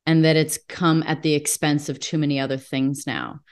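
A woman's voice: low-pitched, little pitch movement, moderate pace. A woman hosting a podcast in casual conversation, asking long questions and musing aloud. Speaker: host.

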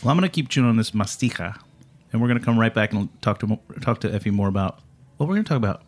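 A man's voice: fairly low pitch, lively intonation. A man hosting a podcast, joking casually with his guest. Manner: jokey, quick interjections. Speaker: podcast host. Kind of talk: casual chat.

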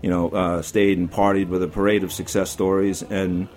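A man's voice: low voice, flat delivery, moderate pace, a little mellow. A man in his forties with a New York accent, a chef guest telling blunt, profane stories in a casual studio chat. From Brooklyn, New York.

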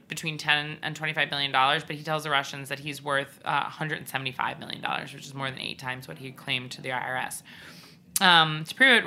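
A woman's voice: low voice, bright, forceful tone. A woman co-hosting a podcast, telling a story in a rambling, casual way with lots of ums and the odd swear word. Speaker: podcast co-host. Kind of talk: casual chat.

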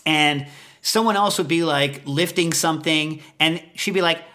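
A man hosting a podcast, telling a rambling, animated story in casual chat. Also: fairly high pitch, moderate pace. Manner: rambling, animated, lots of fillers. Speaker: podcast host.

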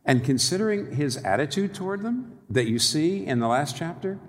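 A male preacher delivers a sermon with a lively, swooping voice that rises and drops sharply for emphasis. He is wry and animated, chuckling at the ironies he points out. His voice rings with a long reverb, as in a large church hall. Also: a little high, normal speed. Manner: animated, wry, laughing at his own irony.

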